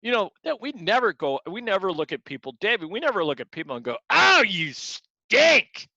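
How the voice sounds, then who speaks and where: A man's voice: high voice, very animated, quick pace, a bit bright, no echo. A man teaching a martial arts class, talking earnestly and repeating words as he acts out examples. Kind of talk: motivational class talk. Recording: dull lo-fi sound.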